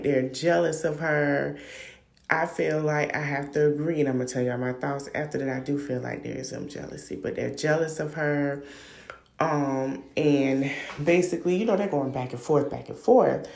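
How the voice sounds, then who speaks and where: Low gravelly woman recapping gossip. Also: a little mellow, echoey room. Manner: gossipy and opinionated, slangy storytelling. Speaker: podcast host. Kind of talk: casual reality-show recap.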